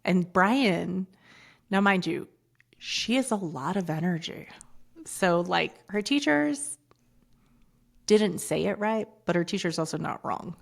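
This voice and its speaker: A woman's voice: fairly low pitch, animated, slow, vocal fry, pauses often. A woman in her forties in casual podcast chat, talking bluntly and swearing freely, with rambling asides. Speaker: podcast guest.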